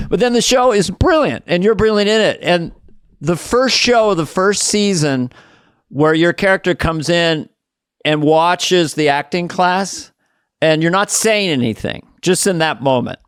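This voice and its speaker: Smooth-voiced older man gushing praise. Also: high voice, expressive, moderate pace, a bit bright, no room sound. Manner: enthusiastic, repeats himself when praising. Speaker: podcast co-host. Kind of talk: casual chat.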